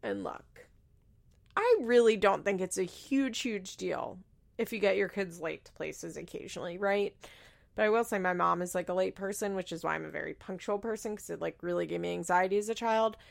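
Young woman podcaster, casual gossipy recap, lots of fry, swears a bunch. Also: medium pitch, a little fast. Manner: chatty, swears freely, frequent laughter. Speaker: podcast host.

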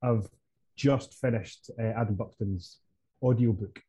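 Husky-voiced man chatting. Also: lowish voice, a little slow, mellow, dry recording. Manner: enthusiastic, repeats praise. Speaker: podcast co-host. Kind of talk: casual chat.

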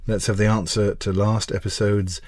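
Husky-voiced man reading a pub quiz. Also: lowish voice, flat delivery, normal speed, a little mellow, no room sound. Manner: dry, playful banter. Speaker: podcast co-host, quizmaster. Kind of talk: casual chat and reading quiz questions.

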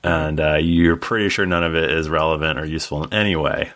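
A man narrating a tabletop game as game master, playful and quick to laugh. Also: extremely low pitch, steady tone, fairly bright tone.

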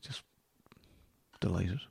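An Irish podcast host signs off his casual solo show extremely slowly in a mellow voice, on a dry recording. He rambles in a self-deprecating way and trails off into near-whispers.

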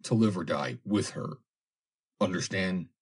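An actor reading the part of a grim, stern man who gives hard orders quietly in a crisis. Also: low voice, unhurried, husky. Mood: stern, scornful.

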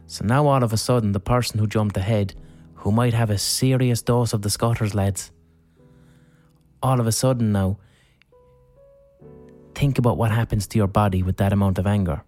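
A man's voice: on the low side, fairly even intonation, moderate pace, long pauses, darkish tone, soft background music. A man hosting a podcast, talking frankly and casually with plenty of swearing. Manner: frank, profane, conversational. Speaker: podcast host. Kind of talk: reflective solo talk.

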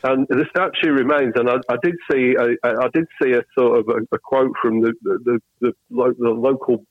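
A man's voice: medium pitch, fairly even intonation, brisk, no room sound, narrow, tinny audio. British man, rambling political chat. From Britain. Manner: rambling storyteller, many restarts. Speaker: podcast co-host.

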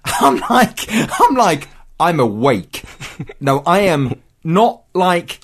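A man's voice: fairly high pitch, takes it slowly. A middle-aged man chatting casually and telling comic stories, acting out voices as he goes. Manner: animated, acts out voices in his stories. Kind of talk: casual chat, comic storytelling.

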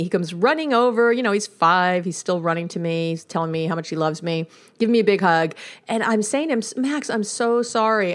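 Woman, therapist-host of a podcast, middle pitch, talks casually, laughs at herself and jumps high when she tells a story. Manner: chatty storytelling with frequent laughs and self-mockery.

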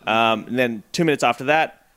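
A man's voice: mid-range voice, fairly quick, fairly bright tone, clear, resonant tone. A man, co-hosting a podcast, giving wry asides and reading posts aloud. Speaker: podcast co-host. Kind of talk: casual comedic chat, reading posts aloud.

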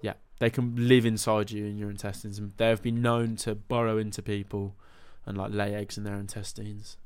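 A man in casual podcast chat, telling a story in an animated way with many fillers. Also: on the low side, normal speed, smooth, dry recording.

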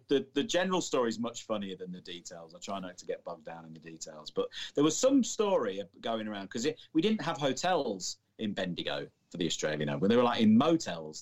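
Lowish guy on a podcast, teasing, rambles through an old story, voice goes up and down a lot. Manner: rambling, teasing, restarts while recalling details. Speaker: podcast co-host. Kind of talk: anecdotal podcast chat.

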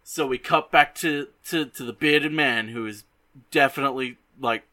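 A young man hosts a show and recaps a movie in a casual, animated way. His voice sits at a middle pitch and sounds bright and forceful. He stumbles over restarts and swears freely as he tells the story. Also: normal speed. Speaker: host.

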